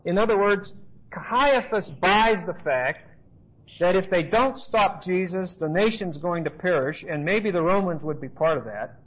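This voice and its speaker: Brief: emphatic male Bible teacher, high voice, dull lo-fi recording. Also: expressive, measured pace, husky. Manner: explanatory, emphatic, with asides and rhetorical questions.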